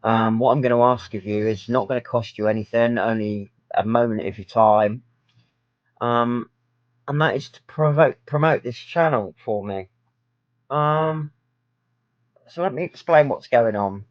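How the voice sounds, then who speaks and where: A man's voice: mid-range voice, unhurried, no room sound, dull audio. A man talking frankly to camera in a personal vlog, rambling with many filler ums. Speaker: vlogger.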